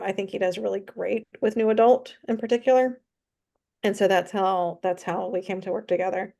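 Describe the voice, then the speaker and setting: A woman author from North Carolina chats casually as a guest, laughing easily and using plenty of fillers. Her medium-pitched voice is gravelly with a somewhat dark tone.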